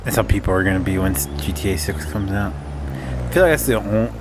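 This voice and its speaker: A man's voice: deep voice, sing-song, a little fast, noisy background. A man streaming a game and chatting casually with a friend in a joking, playful way. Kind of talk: casual chat while gaming.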